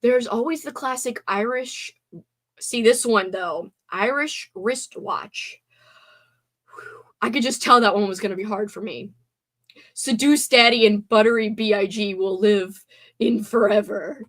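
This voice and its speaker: Speaking at a normal pace in a mid-range, somewhat bright voice, a young woman hosts a casual livestream. She's giggly and bubbly as she responds to chat, though still worn out after a sleepover.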